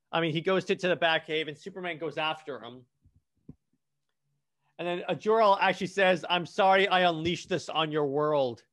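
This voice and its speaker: A man's voice: on the high side, a bit bright. A man casually retelling a comic storyline, rambling with many restarts and false starts. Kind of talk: casual comic plot recap.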